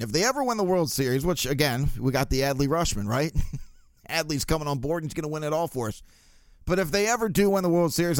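A man's voice: fairly high pitch, no echo, studio quality. A young adult man hosting a sports podcast, talking casually in a blunt, joking, profane way. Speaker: podcast host.

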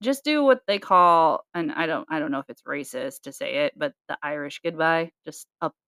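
A woman's voice: low-pitched, moderate pace, bright, forceful tone, smooth, no room sound. Woman co-host, casual chat, swears freely, sighs and laughs, dry close sound. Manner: loose, profane storytelling with sighs and laughs. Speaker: podcast co-host.

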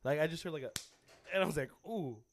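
A man's voice: on the high side, fast talker. A man telling stories in a casual podcast chat, laughing often, swearing, and acting out what people said. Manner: laughing storyteller, acts out quotes, swears a lot. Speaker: podcast host; school sports coach.

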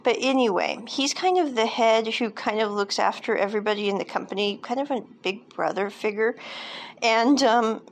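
A woman's voice: on the high side, normal speed, a little hiss or hum. A woman casually recapping a film's plot, rambling with lots of fillers and side comments. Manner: rambling, chatty, many fillers and asides.

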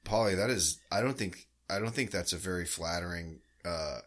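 A man's voice: sits low, moderate pace. A man co-hosting a sports podcast in casual banter, wry, hesitant and swearing freely. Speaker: podcast co-host.

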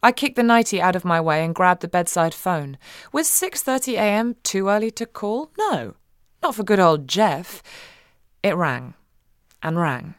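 Low-voiced woman narrating an audiobook. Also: measured pace, dry recording, clean studio sound. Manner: wry, expressive, swings between giddy and hushed. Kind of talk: first-person audiobook narration.

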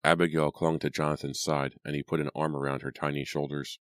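A male audiobook narrator with an extremely low, deep voice, telling a spooky tale at a measured, dramatic pace. The recording is close and dry, with no room echo. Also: flat delivery, clean tone.

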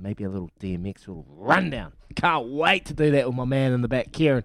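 A man with a New Zealand accent hosting a breakfast radio quiz, brisk and matey as he reads questions and counts down. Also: mid-range voice, lively intonation, vocal fry, no room sound, studio quality. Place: radio studio. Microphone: studio microphone.

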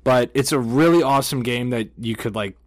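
A man's voice: mid-range voice, a little fast, no room sound, studio quality. A man co-hosting a podcast in casual chat, laid-back and jokey, often trailing off and restarting. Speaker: podcast co-host.

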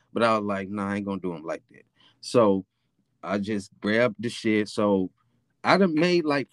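A man's voice: fairly low pitch, fairly bright tone, dry recording, studio quality. A young man with a Memphis accent, casually telling a profane, rambling story as a podcast host. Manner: laid-back, profane, rambling with fillers.

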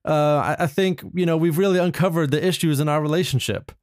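A man playing a touchy, vain young female pop star who snaps back with quick, accusing retorts in an improvised comedy scene. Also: mid-range voice, dry recording, clean studio sound, natural voice. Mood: giddy.

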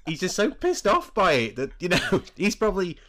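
A man's voice: sits high, huge pitch swings, moderate pace, bright, forceful tone. A man chatting on a podcast, laughing often and acting out film lines. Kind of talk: casual podcast chat.

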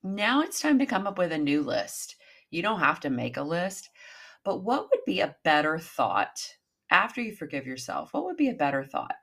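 A woman's voice: on the low side, very animated, normal speed, fairly bright tone, slightly rough. A woman in her fifties hosting a podcast, talking candidly and chattily about self-help, with casual swearing. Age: 50s. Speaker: podcast host.

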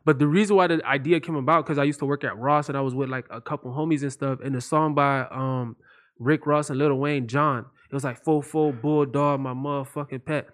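A man's voice: medium pitch, steady tone, fairly quick, fairly bright tone. A young man, a comedy video creator, tells stories casually in loose slang with lots of fillers. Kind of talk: casual podcast chat.

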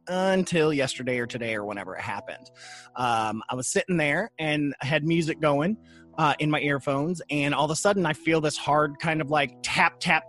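A man hosting a paranormal podcast in casual chat, animated and laughing often. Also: fairly high pitch. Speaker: podcast host.

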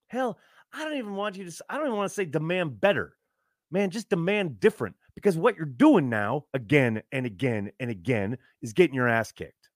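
Man, exasperated, swearing, lively pitch, dry close mic, fan podcast host. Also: no room sound. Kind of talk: live fan podcast rant.

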